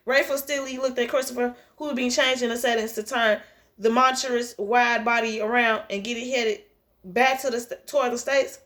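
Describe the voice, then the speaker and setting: High, bright-voiced woman reading aloud. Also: normal speed. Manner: animated, profane outbursts between passages. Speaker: reader and commentator. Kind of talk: casual read-aloud with reactions.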